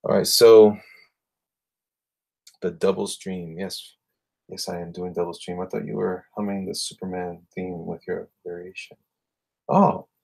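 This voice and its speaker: A man's voice: sits low, level tone, measured pace, vocal fry, long pauses, darkish tone, breathy edge. A man chatting casually with viewers while drawing on a livestream, rambling and muttering to himself.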